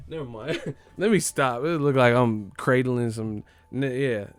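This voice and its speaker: A man's voice: mid-range voice, moderate pace, vocal fry, darkish tone, no echo, soft background music. Profane trash-talking boxing commentator man. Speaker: boxing commentator, channel host. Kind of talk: casual boxing commentary rant.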